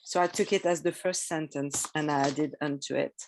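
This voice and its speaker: A woman sharing a short piece of her own fiction in a writing group, speaking slowly and hesitantly, correcting herself as she goes. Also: sits low, fairly even intonation, a little hiss or hum. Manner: slow, hesitant, self-correcting. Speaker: workshop participant.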